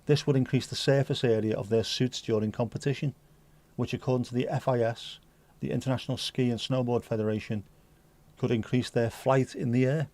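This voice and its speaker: A man's voice: mid-range voice, fairly even intonation, brisk, mellow. Joking man hosting a livestream. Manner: chatty, joking banter with mild swearing; reads news excerpts aloud conversationally. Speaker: livestream host. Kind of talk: casual pub-style chat.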